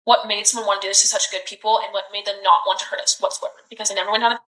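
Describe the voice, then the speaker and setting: A young woman in her twenties recounting events in a recorded police interview, talking in halting, rambling bursts full of "like". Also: medium pitch, little pitch movement, pushed and bright. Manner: halting, rambling, heavy use of "like". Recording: roomy echoey room.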